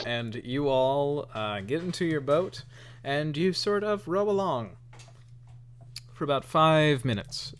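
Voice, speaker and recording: A man narrating as game master of a tabletop role-playing game, relaxed and halting, with frequent ums and light laughs. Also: mid-range voice, smooth.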